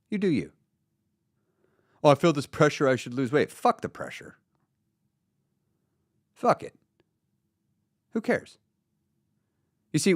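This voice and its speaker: A man's voice: mid-range voice, dry recording, clean studio sound. A man hosting a live stream, talking casually and bluntly with lots of swearing. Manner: blunt, profane, animated. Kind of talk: casual motivational talk.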